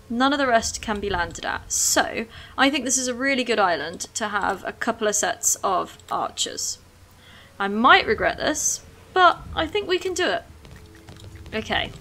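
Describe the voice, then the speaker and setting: A woman giving casual gameplay commentary, chatty and excitable, talking fondly to her units as she plays. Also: mid-range voice.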